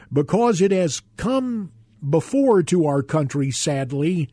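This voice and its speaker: A man's voice: on the high side, very animated, slow, dark tone, breathy edge, no echo. A man in his sixties hosting a talk radio show, telling stories with an emphatic delivery into a studio microphone. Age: 60s. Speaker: radio guest host.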